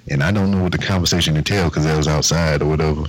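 A man's voice: extremely low pitch, rapid-fire. A man casually recounting a run-in at work, acting out the dialogue and stammering on restarts. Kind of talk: casual storytelling with swearing.

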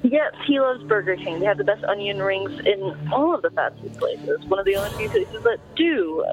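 A man's voice: sits high, sing-song, normal speed, slight background noise. A man putting on the voice of an indignant mother who defends her son, scolding the host over a call. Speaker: caller. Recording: tinny phone line.

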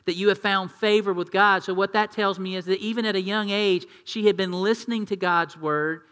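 A male pastor delivers a sermon with a high, bright and forceful voice. He talks to the congregation in a chatty way, throwing questions at them. The sound carries a long reverb from a large church hall. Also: fairly even intonation, brisk, clear, resonant tone. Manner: conversational, asks the congregation questions, acts out quotes.

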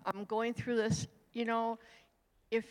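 A woman's voice: on the high side, level tone, slow pace, big-room sound, rough recording. A woman in a Bible study group sharing a thought, tentative and reflective, with frequent fillers. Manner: thoughtful, tentative, many "you know" fillers.

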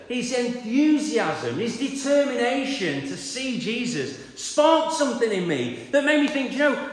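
A man's voice: high-pitched, fairly bright tone. A man preaching a conversational sermon in a church hall, with joking asides to the congregation. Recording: echoey hall, reverberant.

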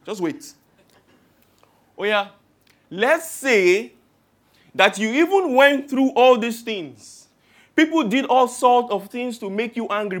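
A man with a Nigerian accent delivers a sermon in a high-pitched voice. He preaches with humor and rhetorical flair, stacking up long spoken lists. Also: a bit bright.

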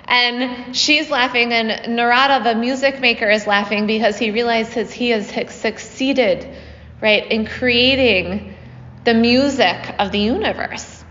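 A woman's voice: fairly high pitch, fairly even intonation, unhurried, fairly bright tone, long reverb tail, dull audio, a little hiss or hum. A woman casually retelling a myth to a group she is teaching, with a chatty manner and frequent "right?" checks. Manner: conversational, often asks "right?" with fillers.

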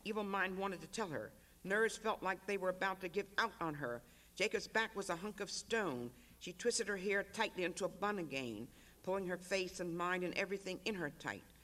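An author reads a literary excerpt aloud at a panel. The voice sits high for a man and the narration moves at an even, rhythmic pace. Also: normal speed. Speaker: author reading. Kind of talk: literary reading.

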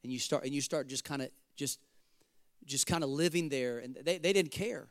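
A man's voice: mid-range voice, moderate pace, no echo, studio quality. A male pastor preaching a sermon, fervent and emphatic, with casual asides to the congregation.

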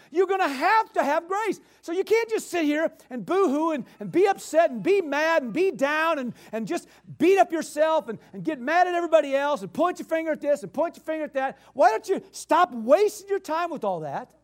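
A man preaching a sermon in a very high voice for a man. He hammers points through repetition and swings between loud emphatic bursts and quiet explaining. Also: very animated, moderate pace.

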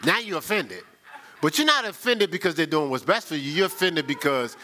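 A man's voice: a little high, big pitch swings, brisk, pushed and bright, a little hiss or hum. A man preaching a conversational sermon, telling stories in a folksy, chatty way and often repeating himself. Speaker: pastor. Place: church sanctuary.

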